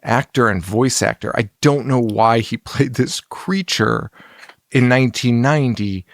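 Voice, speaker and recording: A man's voice: mid-range voice, a little slow, dry recording, clean studio sound. A man co-hosting a casual film podcast, rambling and swearing, laughing often. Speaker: podcast co-host. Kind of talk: casual chat about films.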